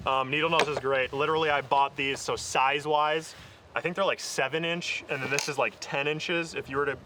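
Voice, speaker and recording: A man's voice: fairly high pitch, steady tone, a little fast, background noise. A man hosting an off-road show, walking through his tool kit in a casual, upbeat way, laughing often and using lots of fillers. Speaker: host of an off-road vehicle show.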